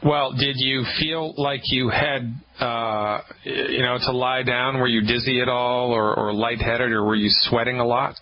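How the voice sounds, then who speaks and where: A man's voice: mid-range voice, steady tone, measured pace, few pauses. A man hosting a call-in health radio show as a doctor, giving folksy, joking advice to callers. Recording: dull lo-fi radio recording.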